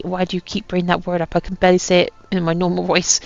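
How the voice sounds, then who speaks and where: A woman's voice: lowish voice, steady tone, very fast, vocal fry, few pauses, no room sound, muffled recording. A woman playing a video game, making wry, joking asides in casual commentary.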